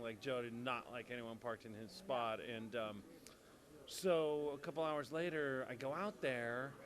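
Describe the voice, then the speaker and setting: A man, a soap opera actor, telling a casual anecdote and acting out the loud quotes. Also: mid-range voice. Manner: animated storytelling, acts out quotes loudly.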